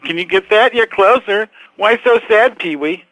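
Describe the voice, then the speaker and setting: A man's voice: sits high, normal speed, a bit bright, no room sound, rough recording. An actor playing a short, touchy male caller who mocks and scolds the host. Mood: indignant. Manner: sarcastic, mocking, indignant. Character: short bitter man caller, touchy and sarcastic.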